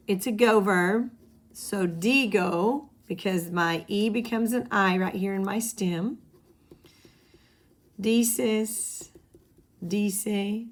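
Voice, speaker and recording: A woman teaching a Spanish grammar lesson to her students, patiently explaining and having them repeat rules back. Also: medium pitch. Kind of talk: classroom lesson at a whiteboard.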